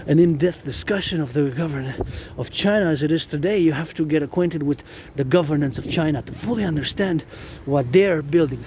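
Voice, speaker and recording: A man's voice: fairly high pitch, fairly quick, few pauses, noisy background. A man, rambling and repeating himself as he vlogs while walking outdoors up a mountain in the rain, now and then breaking into chants. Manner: rambling, repetitive, chants in bursts. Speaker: vlogger.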